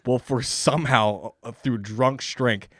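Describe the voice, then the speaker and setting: A man's voice: mid-range voice, a little slow, a bit bright, dry recording, studio quality. A young man hosting a comedy podcast, telling a rambling, profane story in a casual way and laughing as he goes. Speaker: podcast host.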